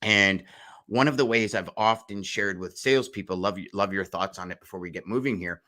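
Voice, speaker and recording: Male podcast host, low and forceful, animated storyteller in casual interview. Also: fairly quick. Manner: animated storyteller, acts out voices in anecdotes.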